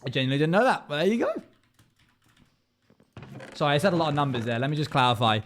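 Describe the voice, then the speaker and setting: A man's voice: on the high side, very animated, fast talker, slight background noise. A man streaming a game live, chatting casually with his viewers, reading their comments aloud and humming little tunes as he builds. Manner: hums and scats tunelessly while building. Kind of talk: casual live-stream chat while playing.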